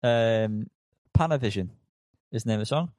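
A man's voice: lowish voice, lively intonation, moderate pace, darkish tone. A man co-hosting a casual music review podcast, giving blunt opinions and moving the show along. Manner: blunt, opinionated, leads the running order. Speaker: podcast co-host.

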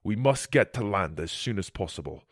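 A man's voice: low-pitched, expressive, normal speed, dry recording, studio quality, pitched below the performer's own voice. A man voicing Magborn, a grave mentor. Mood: relieved, grave.

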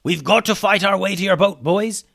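A man voicing an excitable male wizard creature with wings, who yells loudly and urgently. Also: on the high side, a little fast, vocal fry, pitched above the performer's own voice, exaggerated voice. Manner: loud, urgent yelling.

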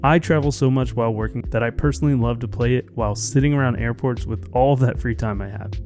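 A man reading a scripted advertisement in an upbeat sales-pitch manner. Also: fast, a little mellow, soft background music. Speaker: ad reader.

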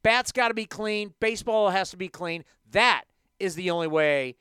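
A man hosting a sports talk show, ranting emphatically in a lively, animated way. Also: high-pitched, normal speed, smooth, no room sound. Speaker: host.

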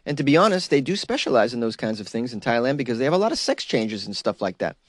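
A male podcast host riffing in a loose, joking way, often laughing and mocking what he reads out. His voice sits at an ordinary pitch and is recorded close and dry, with no room sound. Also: sing-song, fast talker, dry recording. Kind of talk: casual comedic commentary.

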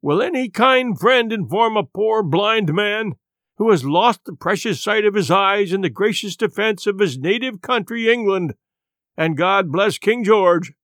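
A man's voice: high-pitched, expressive, a little slow, fairly bright tone, no room sound, clean studio sound, pitched above the performer's own voice, heavily acted. Man voicing a cruel blind old sea beggar. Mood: sing-song wheedling. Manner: odd sing-song whine turning cold and menacing. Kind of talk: audiobook character voice.

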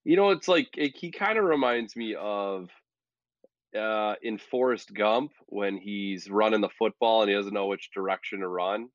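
A man's voice: on the low side, moderate pace, dry recording. A man co-hosting a podcast, chatting casually about sports in a joking, rambling, self-deprecating way. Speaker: podcast co-host. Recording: dull lo-fi dry audio.

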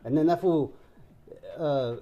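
A man's voice: a little high, slow, muffled recording. A man co-hosting a casual movie review chat, slangy and profane, acting out scenes from the film as he talks. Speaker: podcast co-host.

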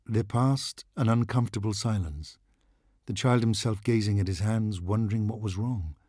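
Low husky male storyteller. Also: darkish tone, dry recording, clean studio sound. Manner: measured, dramatic storytelling. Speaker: narrator. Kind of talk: audiobook narration.

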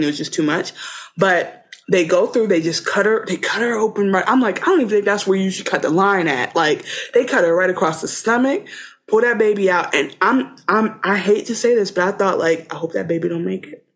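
Animated woman podcast co-host. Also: fairly low pitch. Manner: animated, acts out scenes in playful voices. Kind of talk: casual chat.

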